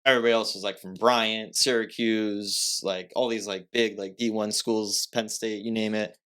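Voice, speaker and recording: A young man with a slightly low voice tells a personal story as a podcast guest. His talk is casual and rambling, full of filler words, with restarts and self-corrections as he works his way through it. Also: fairly even intonation, normal speed, fairly bright tone, smooth. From Massachusetts.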